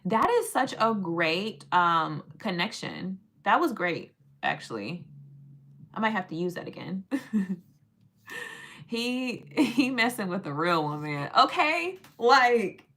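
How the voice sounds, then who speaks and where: A woman hosting a casual livestream, talking in an animated, sassy, teasing way. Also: on the low side, takes it slowly. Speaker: livestream host.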